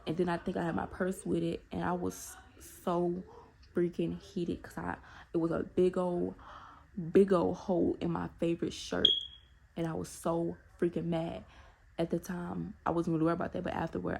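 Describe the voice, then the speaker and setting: A young woman, telling a personal story to her viewers in a casual, animated way with many asides to them. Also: lowish voice, normal speed, vocal fry. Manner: animated, talks straight to viewers with repeated asides. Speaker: storytime vlogger.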